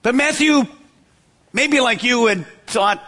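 A man preaching a sermon as pastor, dramatic, with sudden slow drops and repeated words for emphasis. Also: lively intonation, pushed and bright. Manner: dramatic preaching with wide swings in pitch and pace.

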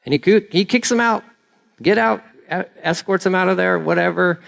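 A male pastor delivering a conversational sermon, his voice sitting a little high for a man. He tells the story loosely, breaking into acted-out lines and quick side comments. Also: gravelly. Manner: animated, acts out voices of the story, rambling asides.

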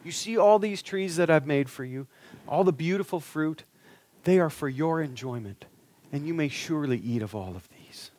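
A man voicing God as a caring, fatherly provider speaking gently to the first man. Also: on the high side, animated, normal speed, lightly acted. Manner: gentle, reassuring.

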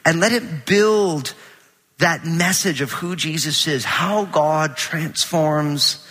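A middle-aged man preaching a conversational sermon in a large church auditorium, animated and full of anecdotes with quoted dialogue. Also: on the high side, slow, long reverb tail. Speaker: pastor.

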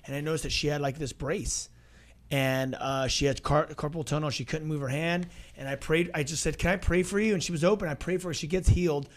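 Animated man recapping a ministry tour. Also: fairly high pitch. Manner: animated storyteller, acts out dialogue. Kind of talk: casual recap storytelling.

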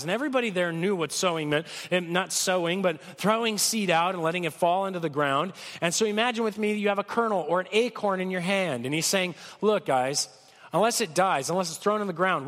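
A man preaching a sermon with a cold, talking conversationally and swinging from loud peaks to soft lows. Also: long reverb tail. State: has a cold. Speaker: pastor.

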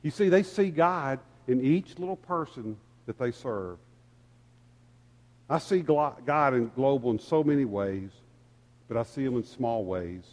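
A man's voice: mid-range voice, lively intonation, unhurried, a little mellow. A man preaching a sermon to a congregation, speaking candidly and self-deprecatingly, piling up rhetorical questions. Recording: long hall reverb.

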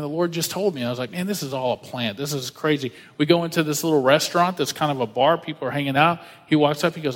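Storytelling male pastor in a reverberant hall. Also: mid-range voice. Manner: casual, animated storytelling with acted-out quotes and slang. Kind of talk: sermon with personal storytelling.

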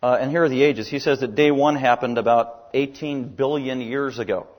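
A man's voice: mid-range voice, fairly even intonation, normal speed, long reverb tail. A man preaching a sermon with emphatic delivery, his voice climbing on key words.

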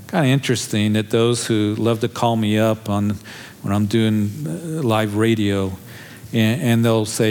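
A man's voice: on the low side, a little slow, darkish tone, slight background noise. A man preaching a sermon, earnest and emphatic, pressing his appeals with rising conviction. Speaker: pastor.

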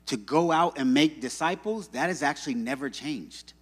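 A pastor preaches a sermon in church in a conversational, joking, storytelling way. His voice is husky and a little high, at a moderate pace, and the hall adds long reverb.

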